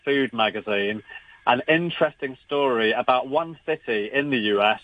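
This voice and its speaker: A man's voice: mid-range voice, normal speed, no echo. Man on a dull remote line, storytelling. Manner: storytelling, many restarts and fillers. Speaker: regular radio guest. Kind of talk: radio chat.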